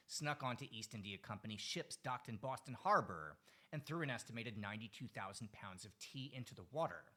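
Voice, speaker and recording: A man narrating a scripted history video in a wry, measured explainer tone. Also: on the low side, bright, forceful tone.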